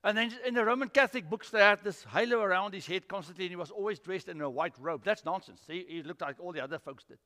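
Animated pastor preaching in a hall. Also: male voice, high-pitched, quick pace, few pauses. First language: Afrikaans. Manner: animated storytelling with acted-out voices. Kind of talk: sermon. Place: church.

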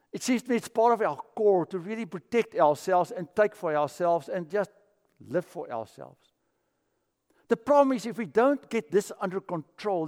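A man's voice: sits high, a little mellow, big-room sound. A man from Africa, preaching a sermon as pastor and telling stories. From South Africa. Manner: storytelling, acts out quoted voices.

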